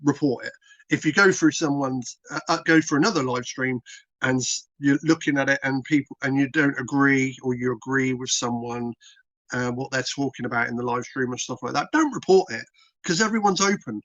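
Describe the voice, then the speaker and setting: Fairly quick and a bit bright, this British man's medium-pitched, mid-range voice comes through a dull, dry recording with no room sound. He's a content creator on an interview, talking plainly and casually while rambling and repeating things.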